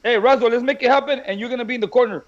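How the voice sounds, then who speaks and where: Animated, high-voiced boxing trainer. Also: male voice, very fast, highs cut off. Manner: animated, tells stories with repeats and restarts. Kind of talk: casual chat, storytelling.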